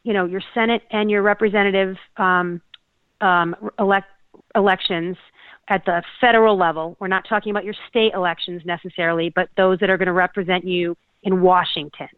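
A woman from Connecticut co-hosting a talk show, speaking earnestly and haltingly with many restarts. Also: fairly low pitch, steady tone, clean tone, no room sound. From Connecticut, USA. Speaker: podcast co-host. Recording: tinny phone-like dry sound.

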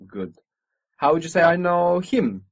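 A man's voice: fairly high pitch, very animated, unhurried, dry recording. A man teaching a spoken language lesson, patiently modelling pronunciation and encouraging his student.

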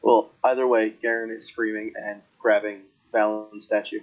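A man's voice: fairly low pitch, little pitch movement, moderate pace. A man playing a tabletop game, declaring his character's actions in casual chat with the table, on a dull lo-fi recording. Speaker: player.

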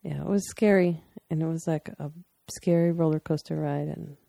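Low creaky-voiced woman, candid and chatty. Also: steady tone, moderate pace, warm tone, no room sound, clean studio sound. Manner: candid, rambling, laughs often. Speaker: partner sharing a personal story. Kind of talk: casual conversation.

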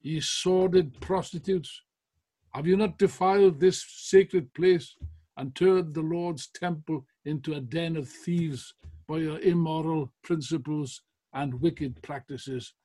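A man acting out a furious puritan general, denouncing an assembly in slow, booming, scornful declarations. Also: expressive, husky, exaggerated voice.

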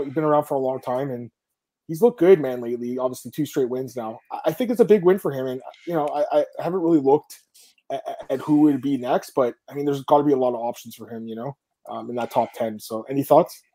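A man hosting a sports podcast, running through fight results in quick, casual chat. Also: medium pitch, dark tone. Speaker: podcast host.

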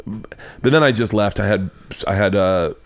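A man's voice: lowish voice, measured pace. A man from the United States hosting a podcast, telling a rambling, profane story in casual chat. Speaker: podcast host.

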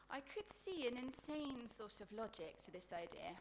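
A woman reading her own comic prose aloud at a live book event, in a sardonic, deadpan voice full of crude insults. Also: a little high, normal speed, gravelly, few pauses, slight background noise. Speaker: author reading her work.

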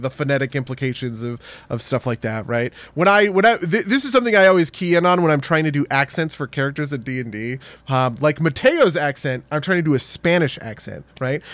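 Chatty man with a fairly high voice. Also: no echo. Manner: rambling, filler-heavy, keeps tagging "right?". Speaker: podcast co-host. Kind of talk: casual chat.

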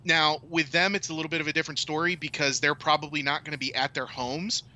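Brief: male co-host, very bright sharp tone, higher pitch, halting with ums. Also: level tone. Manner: measured, many ums, swears casually. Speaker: podcast co-host. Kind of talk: casual chat.

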